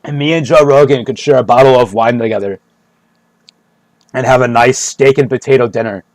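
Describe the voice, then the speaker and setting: A man's voice: mid-range voice, fairly quick, no room sound. A man streaming and chatting casually, rambling and joking, repeating himself, swearing and breaking into laughs. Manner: profane.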